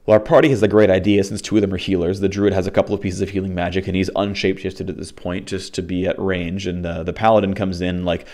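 This young man's low voice moves fast with few pauses as he rambles through a tabletop game recap. He's casual, full of fillers and restarts, and often jumps into lively quoted dialogue.

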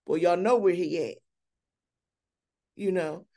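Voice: mid-range voice, takes it slowly, darkish tone. A church elder speaking earnestly and candidly in a casual Bible study, often restarting sentences.

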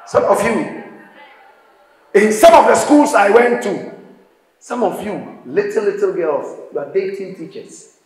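A man with a Ghanaian accent giving an emphatic, repetitive speech to school students, often breaking into shouts. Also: high-pitched, expressive, a little slow, long pauses. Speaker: motivational speaker addressing students. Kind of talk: preaching-style speech to a school crowd. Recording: echoey hall with faint background noise.

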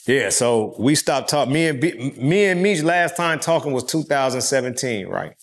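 A man as an interview guest, telling stories in a loose, profane, animated way. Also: mid-range voice, moderate pace. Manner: profane, animated storyteller who acts out quotes. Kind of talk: casual interview storytelling.

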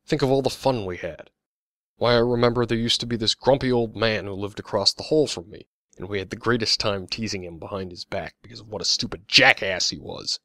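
A man's voice: on the low side, a little fast, pushed and bright, no echo, clean studio sound. A man doing a spiteful, sugary young woman. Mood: sweetly mocking. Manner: sugary, mocking.

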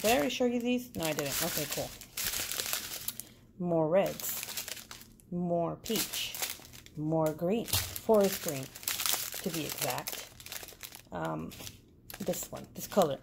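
A woman's voice: fairly low pitch, gravelly. A woman vlogger chatting casually through a crafting unboxing, rambling along with lots of fillers. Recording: loud crinkling packaging noise.

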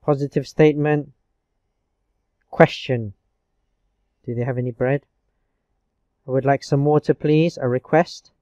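A man teaching a grammar lesson online, explaining slowly and patiently with frequent checks of "okay". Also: medium pitch, fairly even intonation, mellow, dry recording, highs cut off. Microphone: screencast recording mic.

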